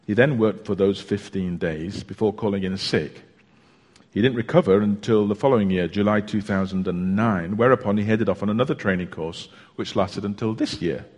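A man preaching a sermon in a church, telling stories in a chatty, unhurried way with small hesitations. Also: lowish voice, a little mellow. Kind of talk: sermon with a joke. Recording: long reverb of a church hall.

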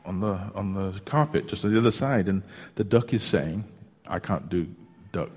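A preacher with a low, slightly husky voice works through a sermon that includes a joke, chatting in a relaxed, unhurried way. He pauses and restarts as he tells his story, and a long reverb from the church hall colors the sound.

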